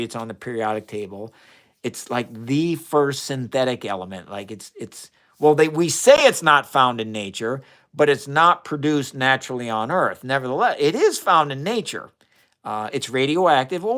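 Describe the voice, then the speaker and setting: A sharp-toned, mid-range male voice with a Midwestern accent. The man hosts an easygoing science live stream inside his home chemistry lab, rambling cheerfully and fielding viewers' chat comments. His phone camera serves as the mic and gets flipped around during the stream.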